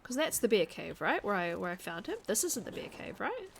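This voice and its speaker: A woman's voice: mid-range voice, big pitch swings, a little fast, gravelly, a little hiss or hum. Chatty woman streaming a game. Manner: chatty, thinks out loud, reads chat. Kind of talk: casual chat while playing a game.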